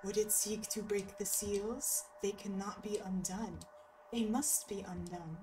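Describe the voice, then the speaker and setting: A woman slowly reading the solemn lines of an ancient spirit from a video game. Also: medium pitch, steady tone, recorded from a distance, background noise, natural voice.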